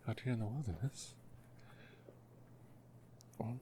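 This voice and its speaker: A man making his first ASMR video, talking in a soft, half-whispered voice that is hushed and self-mocking, and often apologizing. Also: lowish voice, animated, slow pace, a little hiss or hum. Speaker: ASMR creator.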